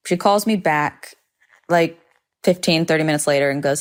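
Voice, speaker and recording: A woman with a lowish, gravelly voice tells a personal story as a podcast host. She talks casually, with lots of "like" fillers and the odd swear word. Her storytelling is vivid and dramatic. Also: normal speed. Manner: chatty, heavy on "like" fillers, swears freely.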